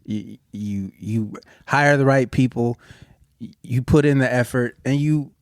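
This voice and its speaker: A man co-hosting a podcast, speaking in a halting, supportive way with stammers and restarts. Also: mid-range voice, no room sound, clean studio sound. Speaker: podcast co-host. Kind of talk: casual podcast chat.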